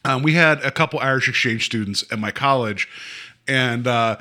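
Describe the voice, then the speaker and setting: A podcast co-host with a mid-range, pushed and bright voice talks at normal speed. He chats casually while recapping a TV episode, laughing often and using many fillers.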